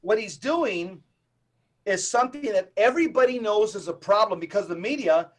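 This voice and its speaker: A man who is a Catholic evangelist, a guest on a podcast interview, talking in an emphatic, preacher-like, rapid-fire way. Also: sits high, expressive.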